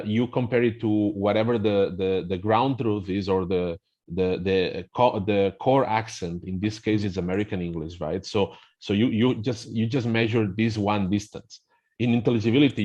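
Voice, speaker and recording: A man's voice: on the low side, a little mellow, muffled recording. A man speaking as a guest in a webinar over a video call, explaining things and repeating words as he starts each thought. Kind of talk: webinar discussion.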